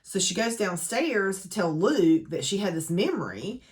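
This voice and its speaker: A woman's voice: mid-range voice, lively intonation, normal speed. A woman gives a casual, chatty book recap full of dramatic asides. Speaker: book reviewer.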